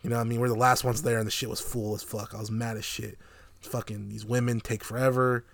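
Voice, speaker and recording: Male podcast co-host, casual movie talk, profane and animated, dry close sound. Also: medium pitch, quick pace, gravelly, dry recording. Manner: animated, profane, laughing often. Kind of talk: casual movie review chat.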